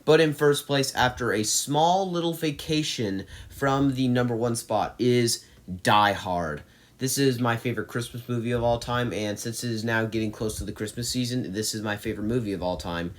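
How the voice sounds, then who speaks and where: A man's voice: mid-range voice, moderate pace. A man hosting a movie channel, ranking his favorite films in a casual, enthusiastic and rambling way, with frequent restarts.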